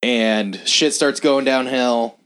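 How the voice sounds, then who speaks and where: A man hosting a podcast, casually and profanely recapping a film's plot in an animated way. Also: mid-range voice, takes it slowly, smooth. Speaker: podcast host. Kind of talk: casual film-review chat.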